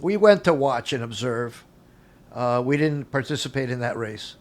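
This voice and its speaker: An older man, a guest on an interview show, telling animated anecdotes from his career and acting out the dialogue with frequent chuckles. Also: medium pitch, normal speed. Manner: acts out dialogue in quotes. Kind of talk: casual storytelling interview.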